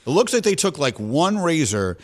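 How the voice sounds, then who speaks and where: A man's voice: on the high side, big pitch swings, normal speed. A man hosting a sports radio show, teasing his co-hosts with incredulous, laughing banter. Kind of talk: casual sports talk banter.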